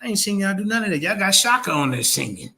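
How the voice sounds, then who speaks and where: A man speaks, his voice sitting a touch high and ringing bright. He rants on a livestream, combative and profane, firing trash talk at his rivals. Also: big pitch swings, quick pace. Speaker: streamer host. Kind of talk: heated livestream rant.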